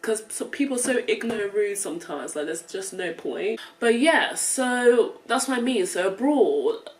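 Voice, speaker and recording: A woman's voice: mid-range voice, animated, normal speed, a little mellow, recorded from a distance, poor audio. A young woman with an English accent, chatting casually to camera for her vlog, loose and full of fillers, laughing often. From England. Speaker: vlogger. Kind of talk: casual chat while eating.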